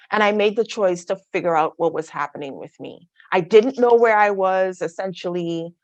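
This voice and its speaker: Low-voiced woman telling her own story. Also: no room sound. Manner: candid storytelling with asides to the audience. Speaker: guest speaker. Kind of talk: personal testimony talk. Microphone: video call.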